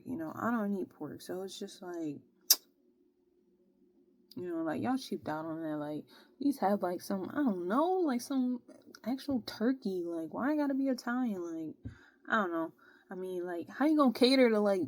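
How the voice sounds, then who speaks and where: A woman's voice: medium pitch, normal speed, no echo. Exasperated young woman vlogging. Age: young adult. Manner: animated, exasperated, slangy. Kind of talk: casual storytelling.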